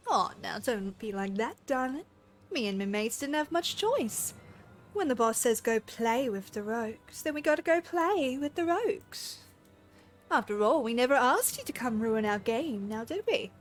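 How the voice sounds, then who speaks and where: A woman voicing a taunting, bloodthirsty pirate villain with a rough put-on pirate accent and drawled threats, reading game dialogue aloud. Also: fairly high pitch, animated, normal speed, soft background music, lightly acted. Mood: menacing.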